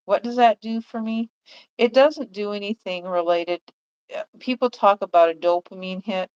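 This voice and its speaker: A woman's voice: medium pitch, fairly even intonation, normal speed, a little mellow, clean tone, muffled recording. A woman chatting on a livestream in a rambling way, full of fillers and restarts. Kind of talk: casual livestream chat.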